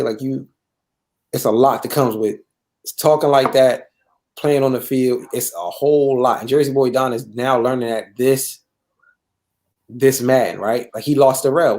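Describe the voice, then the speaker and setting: A man's voice: mid-range voice, moderate pace, darkish tone. A man hosting a live gaming talk show, rambling and repeating himself, tagging lines with "bro" and "right?". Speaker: show host. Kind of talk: casual chat.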